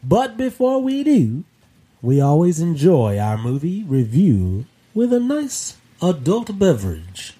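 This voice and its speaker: A man co-hosting a casual movie review podcast, reading facts from his notes in an even-tempered way. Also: a little high, slow, husky. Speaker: podcast co-host.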